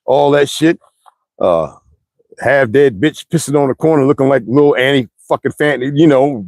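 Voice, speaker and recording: A man's voice: mid-range voice, normal speed, a little mellow, no room sound. A man, telling rambling stories in a blunt, profane monologue to his viewers, heavy with slang. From United States. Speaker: streamer ranting to viewers.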